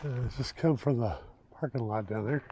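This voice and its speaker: An older man narrating his own hike on a rocky desert trail, talking slowly with pauses and fillers, breathing hard and joking about himself. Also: mid-range voice, noisy background. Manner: slow, unhurried, self-deprecating, with many pauses and fillers. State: out of breath from hiking. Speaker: hiking vlogger. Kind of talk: casual hiking vlog narration. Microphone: handheld or body camera mic while walking.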